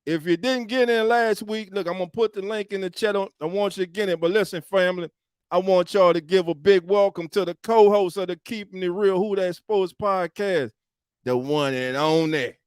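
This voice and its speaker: A man hosts a sports podcast live, calling out viewers by name with loud, hyped energy. His voice sits a little high and sounds dry and close to the mic. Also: moderate pace, clean tone, no room sound. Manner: hyped, loud shout-out greetings with slang. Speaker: podcast host. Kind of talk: casual live-stream sports chat.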